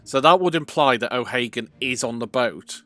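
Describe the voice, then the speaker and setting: A let's play host talks through a mystery game, reasoning step by step as he checks his guesses. His voice has a bright edge and sits in a mid range, recorded close and dry. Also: mid-range voice, normal speed, no echo. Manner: thinking aloud, reasoning step by step. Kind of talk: gameplay commentary.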